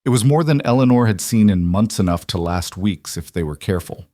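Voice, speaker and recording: A man reading a western story in calm scripted narration. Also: fairly low pitch, a little fast, dry recording.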